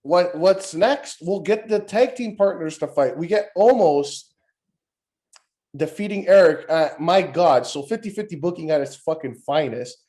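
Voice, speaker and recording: A man's voice: fairly high pitch, a little slow. A man co-hosting a podcast, casually reviewing wrestling and ranting with a lot of swearing. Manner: profane, rambling, animated ranting. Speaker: podcast co-host.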